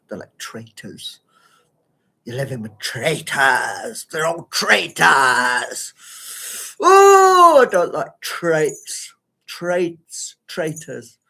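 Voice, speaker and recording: Slow, lively-pitched man rambling to himself. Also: gravelly, slightly rough. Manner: rambling, flustered self-talk. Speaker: solo performer. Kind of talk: live solo performance monologue. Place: at home by a window.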